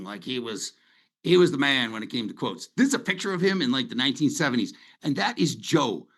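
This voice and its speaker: A man's voice: mid-range voice, fairly bright tone. Middle-aged male webinar host, casual and sentimental, on a video call from a home office. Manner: conversational, rambling, sentimental. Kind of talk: casual presentation over slides.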